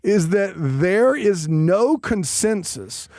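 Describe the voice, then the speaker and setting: A man's voice: high-pitched, no room sound, studio quality. A man co-hosting a radio quiz show, bantering playfully and teasing his partner. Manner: lively, teasing, quick laughs.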